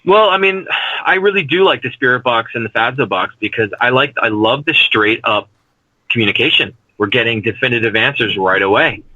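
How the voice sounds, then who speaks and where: A man's voice: medium pitch, lively intonation, a little fast, pushed and bright, husky, no echo, dull audio. A man being interviewed as a paranormal investigator, talking earnestly in long rambling runs full of fillers and restarts. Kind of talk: casual interview talk.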